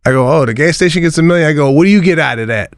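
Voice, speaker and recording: A man's voice: fairly high pitch, rapid-fire, clear, resonant tone, no echo. A man co-hosting a comedy podcast, telling stories with acted-out dialogue. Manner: animated storyteller, acts out dialogue. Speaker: podcast co-host. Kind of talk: casual comedic storytelling.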